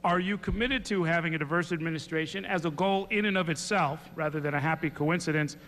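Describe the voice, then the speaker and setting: A man on a debate panel, putting a long formal question to the candidates in a measured way. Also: fairly high pitch, a bit bright. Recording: reverberant hall with faint hum.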